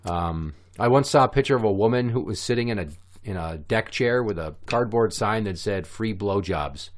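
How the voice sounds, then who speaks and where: A man in casual podcast chat, riffing in a crude, profane, animated way. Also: fairly low pitch, fairly quick. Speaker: podcast co-host.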